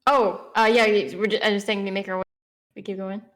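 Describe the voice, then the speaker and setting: A woman's voice: mid-range voice, steady tone, fairly quick. A woman playing a tabletop game, rambling loosely with restarts. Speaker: player. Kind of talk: casual tabletop game play.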